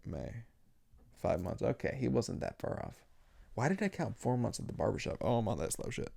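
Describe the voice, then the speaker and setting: Gravelly young man ranting on a podcast. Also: mid-range voice, mellow. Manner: rambling, profane, lots of "like" and "dude". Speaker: podcast host. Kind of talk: casual solo podcast rant.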